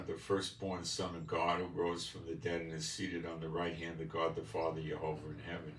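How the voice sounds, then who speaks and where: A man with a leftover New York accent gives a bible teaching in a very low, unhurried voice. He talks in a folksy way and keeps asking if you're with him. He is picked up in a roomy space from some way off the mic, with faint ambience behind. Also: recorded from a distance, slight background noise. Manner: folksy, keeps checking in with listeners. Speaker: channel host.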